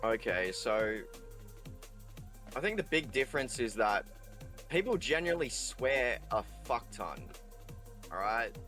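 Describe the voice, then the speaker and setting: A man's voice: medium pitch, lively intonation, a little slow, long pauses, pushed and bright, faint music behind. An Australian man, a streamer guest on a podcast, chatting casually and loosely with lots of swearing and fillers.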